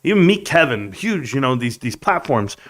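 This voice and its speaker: Animated middle-aged live-stream host. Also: male voice, mid-range voice, moderate pace. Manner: animated, rambling, swings loud and soft. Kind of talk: casual live-stream chat, reading comments.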